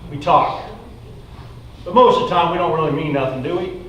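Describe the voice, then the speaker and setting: The speaker is a pastor whose fairly high, fairly bright voice moves at a moderate pace. He preaches informally, filling his talk with fillers and reading scripture aloud between remarks. Captured from a distance, the recording sounds roomy and echoey, with slight noise.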